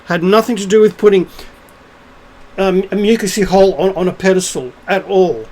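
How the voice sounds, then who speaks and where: A middle-aged spiritual vlogger speaks to the camera in a high-pitched, darkish voice at a normal pace, launching into a casual, blunt, scornful rant and swearing freely. The recording is rough.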